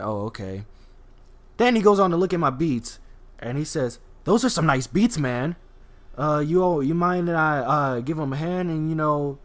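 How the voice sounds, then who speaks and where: Young guy telling a storytime vid, rambly and cussing, lots of restarts, middle pitched voice. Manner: rambling, profane, many restarts and fillers. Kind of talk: casual storytime.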